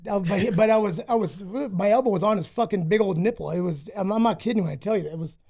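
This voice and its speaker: A man's voice: high-pitched, fast, mellow, breathy edge. A man telling rambling, profane stories about himself in a casual podcast interview. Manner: profane, rambling, self-mocking. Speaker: guest, former fighter.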